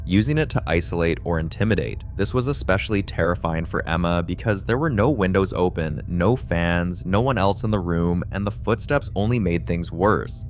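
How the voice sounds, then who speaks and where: A man giving scripted narration about a haunting in a calm, measured way. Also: low voice, slight background noise.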